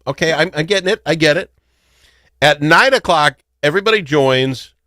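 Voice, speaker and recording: A man's voice: a little high, expressive, moderate pace, sharp tone, no room sound. A middle-aged man hosting a talk radio show, rambling through stories and joking with frequent laughs. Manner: rambling, joking storyteller who laughs often. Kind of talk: casual talk radio chat.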